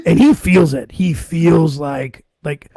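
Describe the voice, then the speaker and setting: A man's voice: a little high, slow, creaky, mellow, no echo. A man hosting a podcast, telling a wild story in casual, profane chat and breaking into laughter. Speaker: podcast host.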